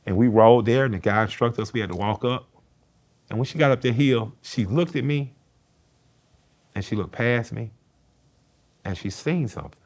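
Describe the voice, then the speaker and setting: A man's voice: mid-range voice, moderate pace, pauses often, a little mellow. A middle-aged man, a guest in an interview, telling a personal story in a plain-spoken, earnest way and swearing casually.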